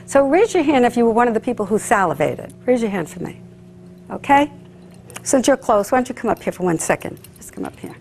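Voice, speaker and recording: A woman's voice: on the high side, big pitch swings, fairly quick, vocal fry, a little mellow, a little hiss or hum. A woman hypnotist leading a live stage demonstration, coaxing volunteers with sing-song repeated phrases. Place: room with a live audience.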